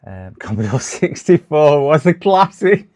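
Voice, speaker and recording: A man's voice: on the high side, sing-song, a little slow, darkish tone. A man, chatting casually on a live stream while repairing computers, rambling and laughing to himself.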